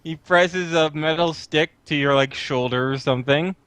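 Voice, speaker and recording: A young man narrating as game master over a voice call, animated and often laughing. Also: on the high side, normal speed, smooth, no room sound. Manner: animated, laughing, restarts a lot.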